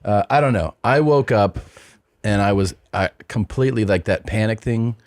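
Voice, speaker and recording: Deep-voiced man telling a rambling story. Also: moderate pace, darkish tone, no room sound. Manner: rambling anecdote with frequent restarts and asides. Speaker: podcast host. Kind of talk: casual storytelling chat.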